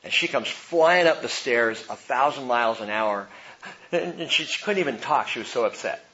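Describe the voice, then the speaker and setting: A middle-aged man preaching a sermon, telling stories with swings from hushed to loud. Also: mid-range voice, lively intonation, normal speed, highs cut off, a little hiss or hum. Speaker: pastor.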